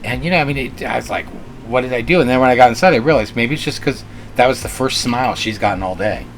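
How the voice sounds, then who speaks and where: A man's voice: mid-range voice, fast, a little hiss or hum. A man who co-owns a restaurant, telling stories in a casual interview with an earnest manner and lots of fillers and restarts. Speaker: restaurant co-owner.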